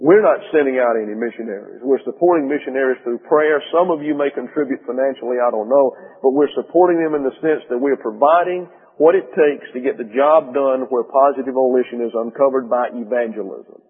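A man preaching a sermon as pastor, emphatic, slowing down to stress key words. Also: medium pitch, breathy edge. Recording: tinny phone-like sermon recording in a long-reverb hall.

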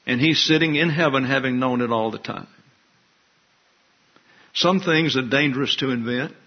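Older preacher with a husky voice. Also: male voice, medium pitch, normal speed, highs cut off. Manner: folksy, teasing asides to the congregation. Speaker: pastor. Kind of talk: sermon.

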